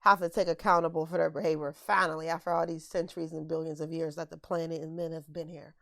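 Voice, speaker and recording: A woman's voice: deep voice, quick pace, creaky, no room sound, studio quality. Young woman on a podcast, slangy and laughing a lot, just chatting. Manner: laughing often, slangy and animated. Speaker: podcast co-host. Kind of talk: casual chat.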